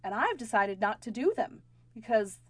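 Lively, giggly woman podcast co-host with a fairly high voice and a dry, close sound. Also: normal speed, slightly rough, no room sound. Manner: giggly, animated, swearing freely. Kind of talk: casual chat.

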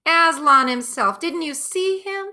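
Casting: earnest little girl, read by a woman, squeaky high and insistent, bright. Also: expressive, measured pace, heavily acted. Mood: excited. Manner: pleading, insistent. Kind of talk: audiobook character voice.

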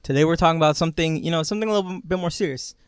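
A man's voice: a little high, rapid-fire, clean tone, no room sound, studio quality. A young man co-hosting a podcast, telling stories in casual chat and laughing often as he talks. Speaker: podcast co-host.

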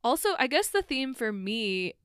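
A woman's voice: a little high, very animated, normal speed, a bit bright, clean tone, dry recording, clean studio sound. A woman chatting about a TV show in an earnest, rambling way, full of "like". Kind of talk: casual chat about a TV show.

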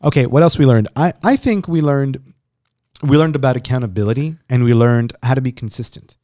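A man co-hosting a podcast in casual chat, rambling and swearing, quick to laugh. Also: mid-range voice, mellow, dry recording, studio quality. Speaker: podcast co-host. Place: home recording room.

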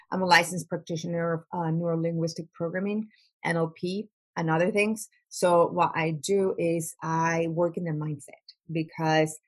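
A woman with a lowish, husky voice speaks as an interview guest. She talks earnestly and often repeats words as she searches for the right phrase, in a plain conversational way. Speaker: guest, trauma recovery practitioner.

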